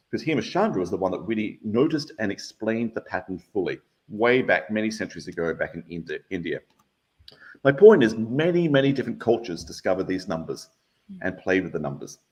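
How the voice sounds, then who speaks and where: A man giving a live online maths lesson, explaining number patterns in an enthusiastic, playful way. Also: lowish voice. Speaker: guest maths educator.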